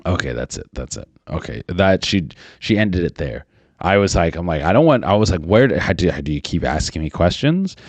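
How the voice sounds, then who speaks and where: A man's voice: low-pitched, very animated, a little fast, no echo. A man in his thirties hosting a podcast, rambling crudely and profanely with lots of fillers and restarts. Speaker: podcast host. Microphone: studio microphone.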